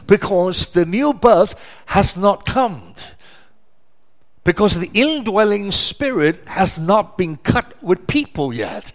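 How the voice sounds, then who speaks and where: High-pitched man preaching slowly. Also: sing-song. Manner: emphatic, repetitive preaching cadence with rhetorical questions. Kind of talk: sermon.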